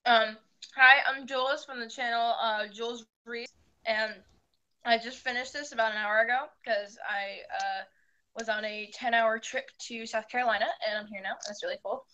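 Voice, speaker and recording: A woman's voice: a little high, steady tone, moderate pace, pushed and bright, muffled recording. A woman guesting on a book discussion stream, cheerful and casual with hesitant fillers. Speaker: booktuber guest. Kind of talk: casual chat.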